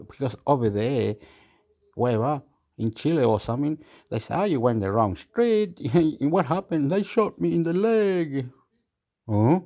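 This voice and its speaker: A man's voice: mid-range voice, animated, a little slow, dark tone. A man rambling in a casual vlog monologue, repeating himself and jumping between thoughts. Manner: repetitive, rambling, erratic. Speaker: YouTube vlogger. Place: Australia.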